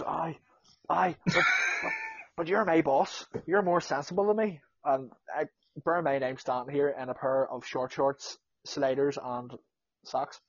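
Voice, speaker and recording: A young Northern Irish man spins a rowdy anecdote in a slightly husky voice, swearing as he goes and jumping into the voices of everyone involved. The sound is dry and dull, like a low-fi podcast mic close up. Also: no room sound. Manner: animated storyteller, swears freely, acts out quotes. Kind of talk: casual anecdote telling.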